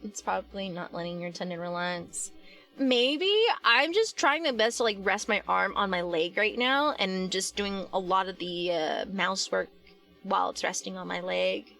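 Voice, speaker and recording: A woman's voice: medium pitch, moderate pace, creaky, pushed and bright, faint music behind. A young adult woman chatting casually on a live stream while she works, rambling with lots of fillers and restarts and answering her chat.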